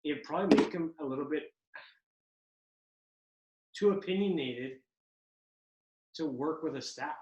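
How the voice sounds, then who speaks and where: A man's voice: a little high, measured pace, long pauses, a little mellow. Male podcast co-host, casual hockey chat, jokey interrupter, echoey room. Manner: joking, interjecting, laughs easily.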